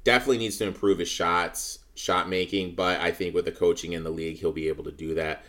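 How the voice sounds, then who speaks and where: A man's voice: deep voice, fairly even intonation, quick pace, a bit bright. A man hosting a sports podcast, talking casually and bluntly, cursing freely as he rants. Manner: blunt, profane ranting. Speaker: podcast host.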